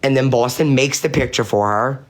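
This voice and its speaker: A man talking casually on a live-stream panel, recounting online drama. He speaks bluntly, swears freely, and reads chat messages aloud. He hammers his points home by repeating them, at a middling pitch. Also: normal speed. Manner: emphatic, repeats points for effect.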